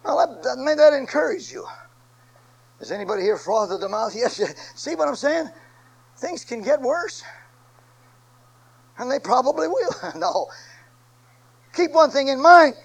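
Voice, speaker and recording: A man preaching a sermon, swinging from quiet asides to shouted, repeated phrases. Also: very high-pitched, expressive, normal speed, creaky, pauses often, breathy edge, rough recording.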